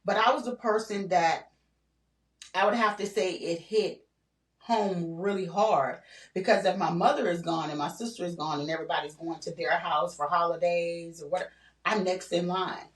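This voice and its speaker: A woman's voice: fairly low pitch, moderate pace. An older woman telling her personal story in a candid podcast conversation, earnest and repetitive, full of "you know" and "like". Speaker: guest sharing her story. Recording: roomy, distant mic.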